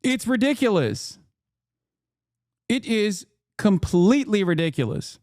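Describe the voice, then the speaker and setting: A man's voice: sits high, big pitch swings, a little slow, a little mellow, dry recording, studio quality. A man hosting a live-stream, reacting to a video with blunt, exasperated commentary and some swearing. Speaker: streamer host.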